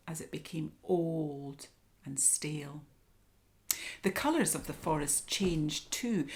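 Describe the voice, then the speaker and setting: A woman hosting storytime, reading a children's story aloud expressively with dramatic hushes. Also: sits low. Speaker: storytime reader.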